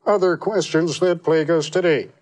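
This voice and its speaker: A man impersonating stiff television news anchors in a slow, overly deliberate newsreader delivery. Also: fairly high pitch, fairly even intonation, darkish tone, pitched above the performer's own voice, close to an everyday voice. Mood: solemn.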